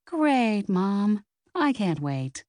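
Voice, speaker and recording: A woman's voice: medium pitch, very animated, drawn-out words, no room sound, clean studio sound, voice pushed up. Woman voicing a harried young baker. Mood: forced cheer. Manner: strained, brightly forced on the phone.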